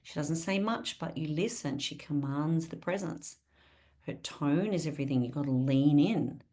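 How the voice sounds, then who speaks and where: A woman leading a live online training for her sales team over a video call, chatty and lively, often asking her listeners questions. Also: low voice, normal speed.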